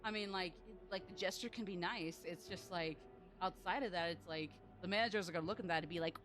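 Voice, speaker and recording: A woman's voice: fairly low pitch, normal speed, a bit bright, soft background music. A woman streaming a game, chatting in a rambling, jokey way full of fillers. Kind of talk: livestream gaming commentary.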